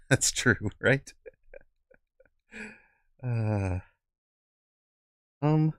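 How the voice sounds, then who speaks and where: A man's voice: fairly low pitch, sing-song, moderate pace, pauses often, slight background noise. A middle-aged man streaming a strategy game, chatting playfully, thinking aloud about his moves and laughing often. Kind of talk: casual game commentary.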